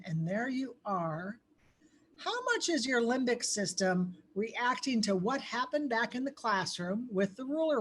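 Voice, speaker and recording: A woman giving a conversational crisis-training lecture, pausing often on ums and putting questions to her audience. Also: on the high side, husky. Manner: asks the audience questions, many filler ums.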